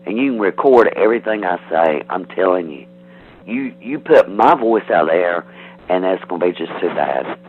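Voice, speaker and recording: A man's voice: deep voice, animated, moderate pace. A man on a heated phone call, defensive and threatening, rambling with restarts. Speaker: prank call target. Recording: tinny phone line, faint hiss.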